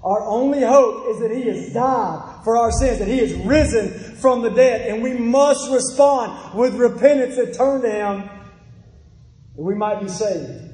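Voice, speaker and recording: A man's voice: very high voice, a little slow, mellow. A man preaching a sermon to a congregation, emphatic and repeating his points for weight. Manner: emphatic, repeats phrases, addresses the congregation directly. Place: church hall. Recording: echoey hall with long reverb.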